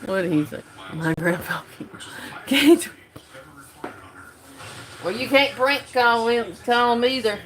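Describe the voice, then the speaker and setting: A woman's voice: on the high side, expressive, moderate pace, a bit bright, slight background noise, poor audio. A woman with a Southern US accent, chatting casually with viewers on a livestream, drawling and laughing often. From North Carolina. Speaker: livestream host.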